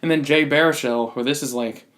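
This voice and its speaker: A man's voice: medium pitch, a little fast, fairly bright tone. Blunt, opinionated man reviewing a movie. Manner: opinionated, blunt, frequent restarts. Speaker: podcast host. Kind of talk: casual movie review chat.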